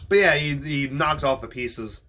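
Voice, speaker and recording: Bright-voiced man rambling through a movie recap. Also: medium pitch, normal speed. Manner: rambling and profane, full of ums and likes. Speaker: podcast host.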